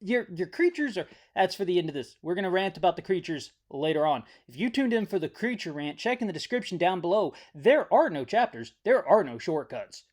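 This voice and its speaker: Brisk and with few pauses, a medium-pitched, slightly mellow voice with big pitch swings recounts a horror movie from memory. The host jokes and rambles through this comedic recap, fumbling words and then correcting them.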